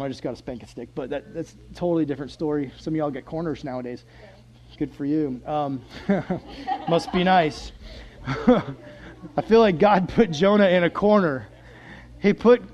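A man preaching a sermon, joking with the congregation and acting out scripture, dropping to soft asides and rising to loud emphatic lines. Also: a little high, low-quality recording.

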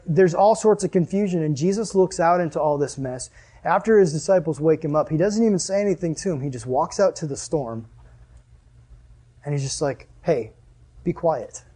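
A young man giving a casual, animated sermon as a youth pastor, with a chatty manner and lots of "like". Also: on the high side. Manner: animated, chatty, heavy use of "like".

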